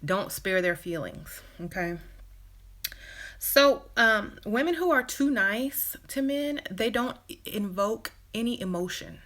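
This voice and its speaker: Slow and expressive, this woman's mid-range voice has a slightly bright quality. She hosts a relationship advice live stream, chatting freely with lots of "you know" fillers, quick laughs, and quoted lines performed in other voices.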